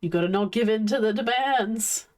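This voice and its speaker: A woman's voice: fairly high pitch, normal speed. A woman streaming live, chatting casually and coaxing and playfully scolding her pets.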